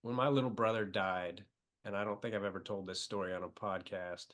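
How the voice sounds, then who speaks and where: Man, middle-aged, from the Midwest, low-pitched, emotional, rambling, podcast guest. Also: fairly even intonation, a little fast, fairly bright tone. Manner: emotional, rambling storytelling with many fillers. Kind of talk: casual interview chat.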